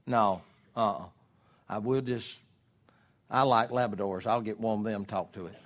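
A middle-aged man preaching a homespun sermon. He moves between quiet asides and loud, drawn-out emphatic lines. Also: on the low side, steady tone. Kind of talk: folksy sermon.

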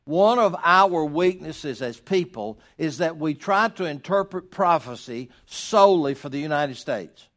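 A man preaching a sermon to his congregation, folksy and emphatic, with sarcastic asides. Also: a little high. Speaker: pastor.

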